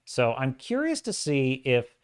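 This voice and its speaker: A man hosting a livestream, giving opinionated, animated commentary and acting out quoted dialogue. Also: mid-range voice, a little slow, clean tone, dry recording, clean studio sound. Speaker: livestream host.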